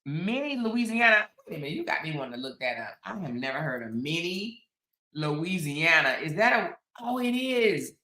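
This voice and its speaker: Lady in her 50s doing a live stream, chatty, bright voice, talks right to the chat, kinda echoey room. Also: sits low, very animated, moderate pace. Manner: chatty, talks straight to viewers, reads out chat comments. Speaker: commentary live-stream host. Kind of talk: casual live-stream commentary. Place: on the outskirts of Houston, Texas.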